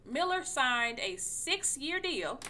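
A woman hosting a sports podcast, talking in a casual, slangy way. Her fairly high voice is bright and lively, and it swings up and down as she reacts with playful disbelief. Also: slow pace, a little hiss or hum. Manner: animated, slangy, playfully incredulous. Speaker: podcast host.

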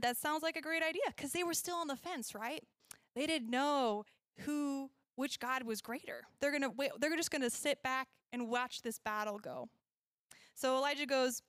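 A woman's voice: fairly high pitch, normal speed, clean tone, no room sound, clean studio sound. A woman teaching a casual Bible lesson to children at church. She is chatty, laughs often and corrects herself as she goes.

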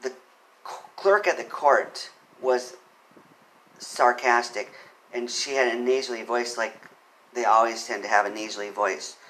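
A man giving spoken commentary on a legal case, earnest, reading quotes quickly and pressing his points with emphasis. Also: medium pitch, fairly bright tone, rough recording. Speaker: commentator on court cases.

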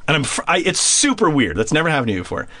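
Animated man telling a wild story. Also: on the high side, very fast. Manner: animated, swears a lot, restarts phrases. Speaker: podcast guest. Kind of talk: casual storytelling.

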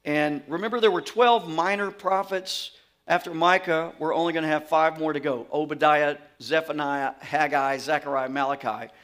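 High-voiced preacher from Louisiana, Southern accent. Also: male voice, moderate pace. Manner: animated, folksy, emphatic. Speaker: pastor. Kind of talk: sermon and Bible teaching.

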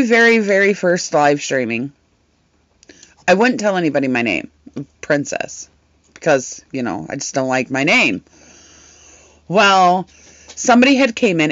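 A woman co-hosting a casual chat, telling stories in an animated way, swearing freely and laughing often. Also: lowish voice, dry recording, dull audio. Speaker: podcast co-host and live streamer.

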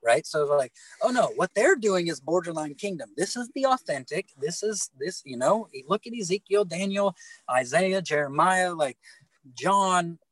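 A middle-aged man telling his faith story in casual talk, animated and halting, often repeating words and restarting. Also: high-pitched, no echo, rough recording. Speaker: guest telling his testimony.

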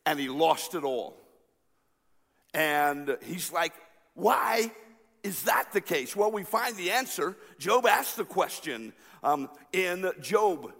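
A male pastor preaching a sermon, swinging between loud passionate cries and quiet, slow asides. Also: a little high, expressive. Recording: long reverb of a large hall.

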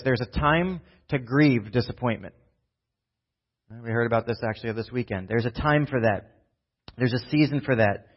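A male pastor giving a conversational sermon, often asking "right?" and acting out scenes from the text in voices. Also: mid-range voice. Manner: animated, often asks "right?" and acts out Bible scenes in voices. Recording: dull lo-fi sound.

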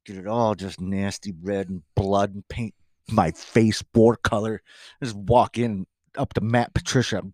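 A man co-hosting a casual sports podcast, ranting with animated outbursts. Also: lowish voice, unhurried, no room sound, clean studio sound. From Detroit area. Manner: animated, ranting, bursts into shouting. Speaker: podcast co-host.

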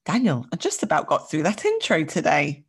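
A woman's voice: sits low, huge pitch swings, a little fast, husky. A young woman co-hosting a podcast, chatting in a bubbly way with lots of exclamations. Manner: bubbly, exclamatory, laughs easily. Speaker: podcast co-host. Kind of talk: casual chat.

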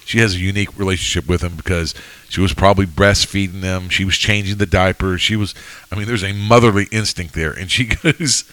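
A man's voice: low-pitched, steady tone, fairly quick, fairly bright tone, dry recording. A man co-hosting a Bible study, talking emphatically and checking in with "okay?". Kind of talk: casual teaching discussion.

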